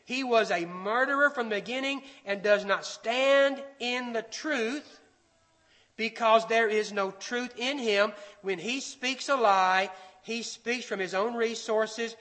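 A man preaching a sermon, emphatic and dropping to quiet, slow phrases for stress. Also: extremely high pitch. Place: church auditorium. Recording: echoey hall with long reverb.

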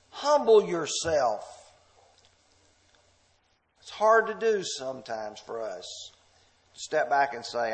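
A male pastor preaching a sermon, reading scripture loudly and dropping to hushed, slow asides. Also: sits high, in a large hall. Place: church sanctuary.

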